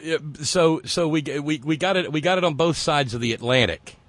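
A man's voice: fairly high pitch, moderate pace, a bit bright, no echo. A man co-hosting a casual political chat, rambling and sarcastic, with many fillers and restarts. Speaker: podcast co-host.

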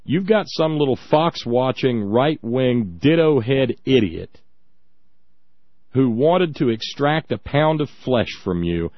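A man's voice: medium pitch, lively intonation, slow pace, no echo, lo-fi sound. A man hosting a call-in radio show who speaks with emphatic, blunt indignation. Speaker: radio host.

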